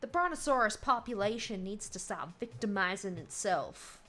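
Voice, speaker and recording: A woman voicing a brash, boastful male dinosaur tycoon in a video game, talking loudly and bragging. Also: medium pitch, moderate pace, slight background noise, natural voice.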